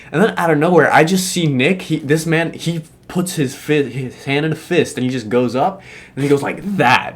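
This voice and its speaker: A young man spins a story from his school days in loose, casual talk. He is animated and slangy, swears freely and fills his sentences with "like" and "bro.". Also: medium pitch. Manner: animated, slangy and profane, with many fillers.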